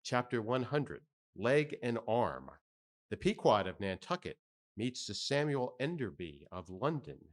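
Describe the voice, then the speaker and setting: A man reading a classic novel aloud at a public readathon, measured and expressive. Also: medium pitch. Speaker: volunteer reader.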